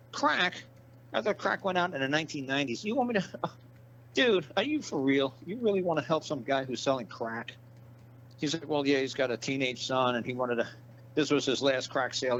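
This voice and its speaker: A man telling a long story in a casual interview, animated and profane, acting out the people in his tale. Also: medium pitch, muffled recording, a little hiss or hum. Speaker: guest.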